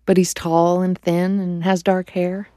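Mellow-voiced woman narrator. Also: lowish voice, a little slow, dry recording, studio quality. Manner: relaxed storytelling. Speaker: reporter, narrator. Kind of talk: scripted narration.

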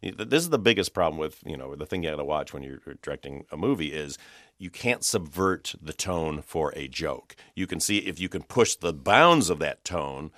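Man, very low voice, dry close sound, chatty film director, animated, laughs a lot. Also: moderate pace, dry recording. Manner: animated, chatty, laughs often, many restarts. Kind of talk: conversational interview.

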